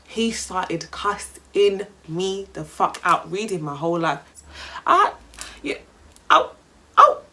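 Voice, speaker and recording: Animated London woman telling a story. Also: medium pitch, takes it slowly, long pauses. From England. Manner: animated, slangy, swearing. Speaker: vlogger. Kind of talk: storytime vlog.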